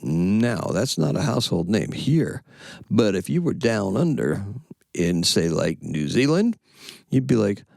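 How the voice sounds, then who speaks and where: A man hosting a casual solo astrology report, animated and rambling, correcting himself with playful asides. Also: on the low side, unhurried, creaky, no echo. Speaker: astrology channel host.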